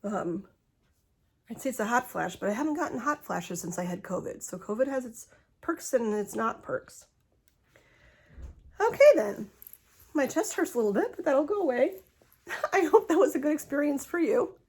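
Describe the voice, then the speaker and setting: A woman's voice: high voice, animated, normal speed, long pauses, a little mellow, breathy edge. Chatty woman vlogging at home. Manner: chatty, laughs often, talks with restarts. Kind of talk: casual personal vlog. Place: home, indoors. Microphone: phone.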